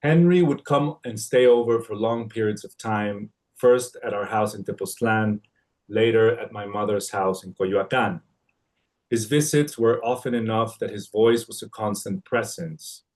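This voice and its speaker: A man from Mexico joining by livestream to read a written tribute, hesitant at first, then steady and poetic. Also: on the low side, measured pace. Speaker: family friend giving a tribute. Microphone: livestream connection.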